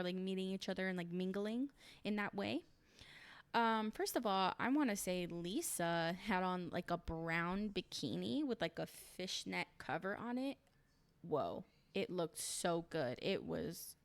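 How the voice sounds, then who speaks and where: A young woman chatting casually as she recaps a reality show, opinionated and slangy, with lots of ums. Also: mid-range voice.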